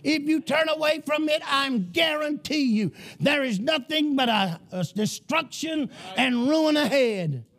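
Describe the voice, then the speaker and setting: A male preacher delivering a fiery sermon, often shouting and emphatic. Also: very high voice, lively intonation, a little slow, hardly any pauses.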